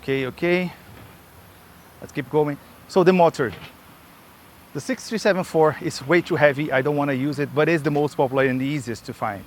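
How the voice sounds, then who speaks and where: A vlogger who builds skates talks fairly quickly in a somewhat high voice as he rolls through a park full of trees. He's out of breath, rambling and chatty with plenty of asides, and there's slight background noise. He records on a camera that's handheld or body-mounted.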